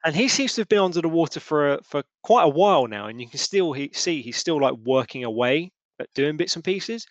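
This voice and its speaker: A man narrating as game master of a tabletop role-playing game, halting and full of restarts. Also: on the high side, animated, no room sound, muffled recording. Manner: halting, lots of restarts and fillers.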